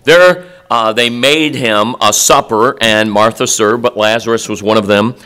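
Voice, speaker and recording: A middle-aged male pastor preaching a sermon in a college chapel, animated, swinging between loud and soft with mocking asides. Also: lowish voice, unhurried.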